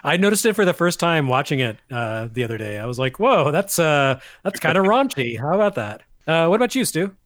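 Male host, slightly high voice, dry close sound, wry tone. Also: big pitch swings, fast, hardly any pauses, a bit bright, dry recording. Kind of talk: casual chat.

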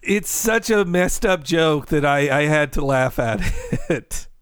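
Smooth-voiced man in casual movie chat. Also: fairly high pitch, lively intonation, takes it slowly, a bit bright, no room sound, studio quality. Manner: laughs while recounting jokes. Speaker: podcast co-host.

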